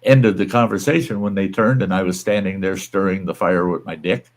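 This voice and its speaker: Blunt, crude man hosting a low-voiced chat. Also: fairly even intonation, fairly quick. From United States. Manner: blunt, crude, laughs often. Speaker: host. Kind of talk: casual chat.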